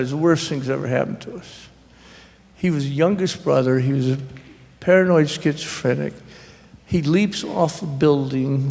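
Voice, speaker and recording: A gravelly man with a slightly high voice tells a rambling, earnest story in slow, unhurried speech. He often stops and restarts his sentences. A long hall echo trails behind his words. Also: darkish tone. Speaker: author at a public talk. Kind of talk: storytelling conversation. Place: public library event hall.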